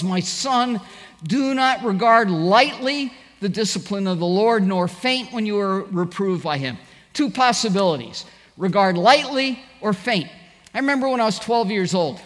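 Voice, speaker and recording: A man's voice: high voice, lively intonation, moderate pace, fairly bright tone, in a large hall. A middle-aged man preaching a sermon, telling stories animatedly and acting out the quoted voices. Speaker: pastor.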